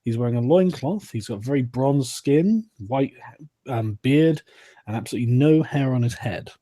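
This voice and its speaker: A man narrating as game master of a tabletop game, laying out scenes in a relaxed, easygoing way with plenty of fillers. His voice is mellow and warm, with a slightly husky edge. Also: medium pitch, moderate pace.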